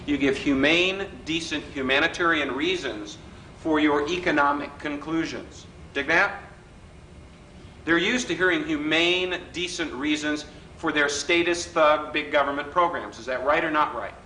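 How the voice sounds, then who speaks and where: A man's voice: a little high, moderate pace. Wisecracking man lecturing in an echoey hall. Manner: wisecracking, animated storyteller with quips and mimicry. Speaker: workshop speaker. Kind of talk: live workshop lecture. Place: hotel function room. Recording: roomy hall recording with faint background noise.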